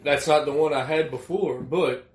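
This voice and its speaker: A man's voice: a little high, moderate pace. A man co-hosting a podcast, bantering and joking in casual chat. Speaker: podcast co-host. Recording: echoey room.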